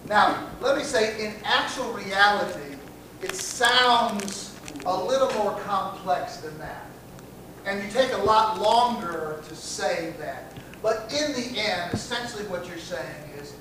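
A man's voice: sits high, a little slow. A man teaching a class, speaking emphatically, repeating key phrases and putting questions to his students. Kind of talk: classroom lecture. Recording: echoey room, mic far off, noisy.

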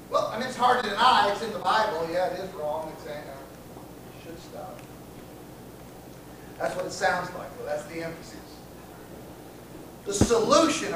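A man's voice: high voice, brisk, long pauses. A man teaching a class, speaking emphatically, repeating key phrases and putting questions to his students. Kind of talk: classroom lecture. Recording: echoey room, mic far off, noisy.

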